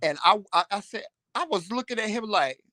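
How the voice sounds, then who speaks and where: A man co-hosting a casual couple vlog, telling a story in an animated, teasing way with plenty of salty language. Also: high voice, a little fast. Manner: salty, profane. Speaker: vlog co-host.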